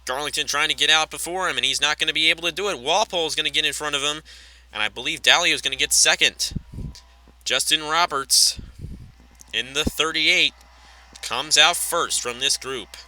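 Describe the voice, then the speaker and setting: A man doing play-by-play race commentary in a voice that is very bright and sharp, pitched a bit high for a man. He calls the action in a rapid, chatty way, catches his own slips and drifts into offhand asides. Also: rough recording. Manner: rapid call with self-corrections and chatty asides.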